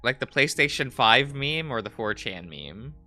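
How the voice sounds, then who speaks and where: A man's voice: medium pitch, sing-song, moderate pace, sharp tone, soft background music. A man chatting casually on a stream while drawing, giggling often and rambling as he searches for words. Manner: giggly, laughs often between phrases.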